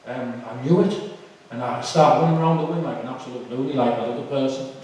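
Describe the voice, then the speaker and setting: A man giving an emotional personal testimony, halting and full of fillers. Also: medium pitch, a little mellow, a little hiss or hum. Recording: echoey hall, far from the mic.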